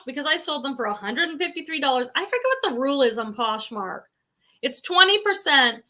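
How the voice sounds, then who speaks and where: A woman's voice: high voice, bright, forceful tone. A woman with a Boston accent hosting a casual livestream, chatting and reading viewer comments aloud. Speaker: reseller livestream host.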